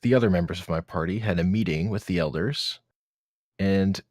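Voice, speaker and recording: A man playing a tabletop game, speaking in a deliberate, measured way. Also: sits low, a little mellow, no room sound, studio quality. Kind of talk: in-character play.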